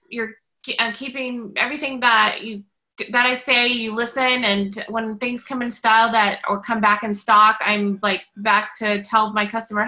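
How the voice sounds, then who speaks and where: Bright-voiced woman leading a team call. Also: on the high side, fairly even intonation, moderate pace, rough recording.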